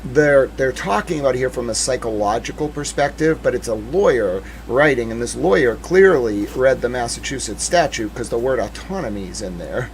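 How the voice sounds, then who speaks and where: A man's voice: mid-range voice, moderate pace, few pauses, slight background noise. A man hosting a livestream, telling an indignant story in a casual, sarcastic way, acting out the other people's lines and swearing casually. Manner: animated, indignant storytelling with mock-quoted dialogue. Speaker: livestream host. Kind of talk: casual commentary rant.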